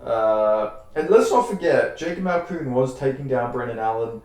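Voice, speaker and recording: Aussie guy rambling thru fight picks, repeats himself a lot, swears, mid pitch, super echoey room. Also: expressive, moderate pace, darkish tone. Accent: Australian. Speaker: MMA fight predictions host. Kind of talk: casual fight predictions.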